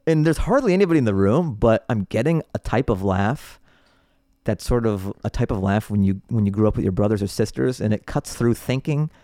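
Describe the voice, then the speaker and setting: A man with a fairly low voice tells stories on a podcast, loose and animated, breaking into laughter between phrases. The recording is dry and close, with no room sound. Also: fairly quick, dry recording. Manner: animated, laughs often mid-sentence. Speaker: comedian guest. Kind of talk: casual podcast storytelling.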